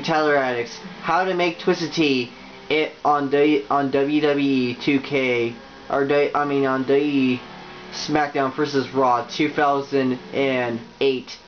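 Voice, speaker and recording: A young man giving a casual video game tutorial, rambling and halting with lots of fillers and restarts. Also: a little high, fairly even intonation, lo-fi sound, a little hiss or hum. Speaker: YouTuber.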